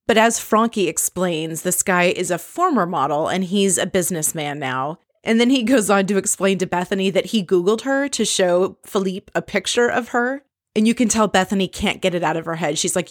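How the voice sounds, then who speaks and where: A woman casually recapping a reality show scene by scene, chatty and quick to laugh. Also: lowish voice, dry recording, studio quality. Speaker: recap podcast host.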